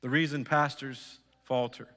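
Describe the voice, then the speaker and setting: A man's voice: medium pitch, steady tone, measured pace, a bit bright. Preaching man in an echoing church. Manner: earnest, exhorting, asks the congregation direct questions. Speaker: pastor. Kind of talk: sermon. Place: church sanctuary. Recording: church hall reverb.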